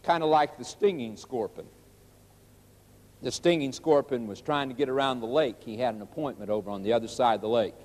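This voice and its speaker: A man preaching a sermon emphatically, repeating lines and stretching key words slowly. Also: mid-range voice, darkish tone. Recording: long reverb of a large hall.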